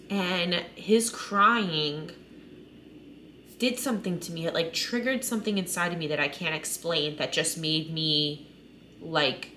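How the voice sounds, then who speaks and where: Woman, 30s, lowish voice, candid vlog monologue, faint room hum behind. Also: pushed and bright. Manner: candid, emotional, conversational with many "like" and "right?". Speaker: mother sharing her story.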